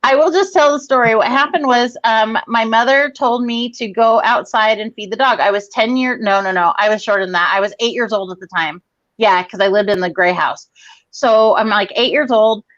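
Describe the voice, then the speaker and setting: A woman in her forties with a fairly high voice tells a rambling, profane story. The sound is dull and lo-fi, close and dry. She talks casually and animatedly over a video call. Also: normal speed, fairly bright tone, no room sound. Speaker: guest comedian.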